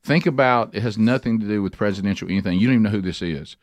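A man co-hosting a talk radio show, halting and repeating words in folksy banter. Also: fairly low pitch, no echo. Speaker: radio co-host.

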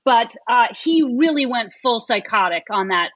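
A woman's voice: on the high side, animated, normal speed, a bit bright, no echo. A woman guest chatting casually on a podcast, giving wry, candid opinions. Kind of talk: casual chat. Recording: slightly muffled sound.

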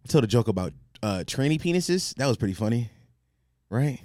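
A man's voice: mid-range voice, sing-song, fairly quick, darkish tone, no echo, studio quality. A man hosting a podcast, chatting casually and teasing his guest with jokes, with a slight stutter he admits to. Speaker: podcast host. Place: Philadelphia.

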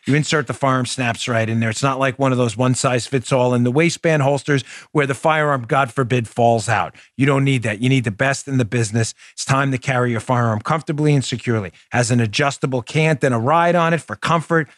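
Male political radio host, mid-pitched, punchy delivery, dry close mic. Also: a little fast, few pauses, dry recording. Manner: emphatic, combative, addresses listeners directly. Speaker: talk show host. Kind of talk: political talk show monologue with ad reads.

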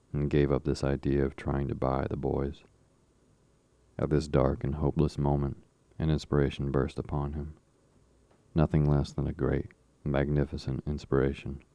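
A man narrating a classic novel as an audiobook in a measured, even storytelling manner. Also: very deep voice, gravelly, dry recording.

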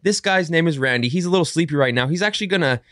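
A man's voice: fairly high pitch, rapid-fire, no echo, clean studio sound. Upbeat male sports podcast host. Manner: energetic, upbeat, sing-song intros. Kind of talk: casual sports podcast chat.

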